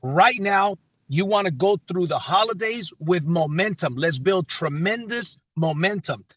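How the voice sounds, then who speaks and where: Man, high husky voice, motivational team-call speaker, emphatic, repeats himself, dry and muffled sound. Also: lively intonation, measured pace, a bit bright, no echo. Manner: emphatic, repeats phrases for effect, stumbles and restarts. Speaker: company leader on a team call. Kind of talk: motivational pep talk on a live call.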